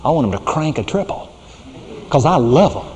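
A middle-aged man preaching a sermon as a pastor, folksy and conversational, dropping to a hushed tone for serious points. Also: medium pitch, sing-song, moderate pace, in a large hall.

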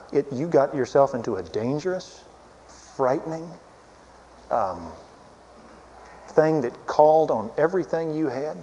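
A man preaching a sermon, telling a lively story and chuckling as he goes. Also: medium pitch. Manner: lively storyteller, chuckling through his anecdote. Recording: dull lo-fi recording with faint hiss.

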